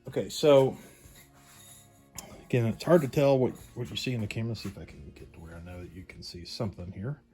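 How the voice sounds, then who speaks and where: A man's voice: fairly low pitch, warm tone, slightly rough, faint music behind. Easygoing man demoing at his workbench. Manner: thinks aloud, loose and unhurried. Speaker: pinball restorer. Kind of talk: casual workshop demonstration. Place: home workshop at a workbench.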